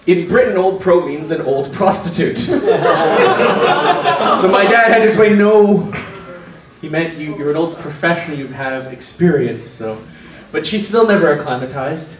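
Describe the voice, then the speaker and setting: A man's voice: fairly high pitch, expressive, normal speed, background noise. A man doing stand-up comedy, telling family stories and laughing at his own jokes in front of a live crowd. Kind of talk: stand-up storytelling. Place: small comedy stage with live audience. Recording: echoey stage from a distance with crowd.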